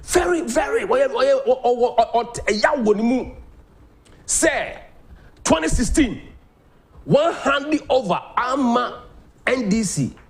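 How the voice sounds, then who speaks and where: Ghanaian guy hosting a politics show, high voice, swings up and down a lot. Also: unhurried, long pauses. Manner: animated, mixing Twi and English. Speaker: host. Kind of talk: political talk-show commentary.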